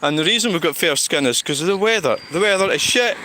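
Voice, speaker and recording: A Scottish man rambles and swears on a casual walking livestream and talks back to his chat as he goes. His voice sits a little high for a man. He is recorded on a phone out on the street, with clear traffic noise behind him. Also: lively intonation, quick pace. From Scotland. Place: outdoors on a town street.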